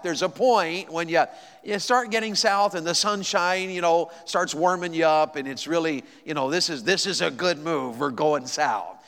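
A male evangelist telling a folksy, animated story in a sermon, rising to excited exclamations. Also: on the high side, clear, resonant tone. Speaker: evangelist preacher. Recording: long hall reverb.

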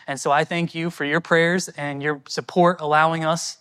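A man's voice: a little high, flat delivery, moderate pace, fairly bright tone, clear, resonant tone. A man from the United States, a missionary answering audience questions at a church in an earnest, conversational and thankful way.

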